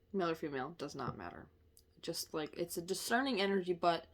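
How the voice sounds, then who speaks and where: A woman's voice: fairly low pitch, gravelly, husky. A woman giving a casual tarot reading in a chatty way, often laughing, apologizing and correcting herself mid-sentence. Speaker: tarot reader.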